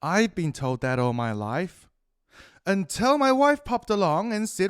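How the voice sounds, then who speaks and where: A man with a New Zealand accent ranting profanely through a rambling solo monologue, swinging between loud outbursts and muttered asides. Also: sits high, lively intonation, unhurried, clear, resonant tone, no echo, clean studio sound. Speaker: podcast host.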